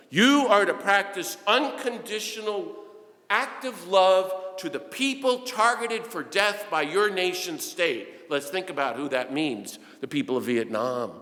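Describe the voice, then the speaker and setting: A man giving an impassioned preaching talk to a room of listeners, asking rhetorical questions and swinging from hushed to loud. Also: on the high side. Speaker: speaker addressing Christian peacemakers. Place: large hall with audience. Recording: long hall reverb.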